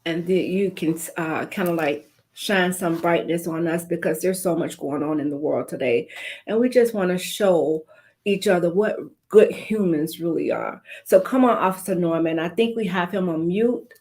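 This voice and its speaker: A woman hosting a live online talk show on a video call, giving church-flavored greetings and shout-outs to viewers. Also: fairly low pitch, normal speed.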